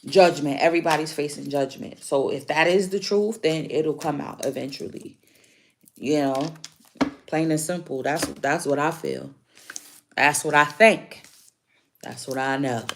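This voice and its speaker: A woman's voice: low voice, measured pace, a little hiss or hum. Chatty woman giving a spiritual reading. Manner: chatty, emphatic repetition, frequent laughs. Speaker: tarot reader. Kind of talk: casual spiritual reading to viewers.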